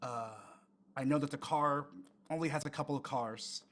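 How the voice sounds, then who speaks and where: A man running a tabletop game as its game master, with a somewhat high voice for a man. He narrates haltingly and fills his pauses with ums and uhs. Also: a bit bright. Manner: hesitant, many fillers.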